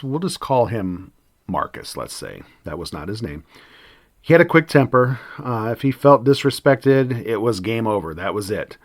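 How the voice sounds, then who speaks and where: A man hosting an educator's podcast, talking in a calm, steady, conversational way with frequent ums. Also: on the low side, no echo, clean studio sound. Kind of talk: reflective podcast monologue.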